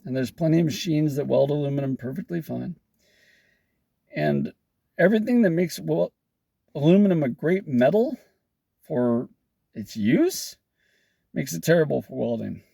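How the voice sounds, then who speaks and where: Gravelly sarcastic man explaining welding. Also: a little high, animated, moderate pace, pauses often, warm tone, no room sound. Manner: sarcastic, wry joking asides. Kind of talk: casual explanatory talk.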